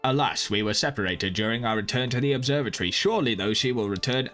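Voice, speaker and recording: A man lends his voice to a treacherous game character, a smooth-tongued celestial who speaks in low, courtly phrases. The delivery is measured and formal, every word weighed. It carries a quiet, scheming dignity. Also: faint music behind, natural voice. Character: sly male celestial apprentice-master, smooth-talking traitor.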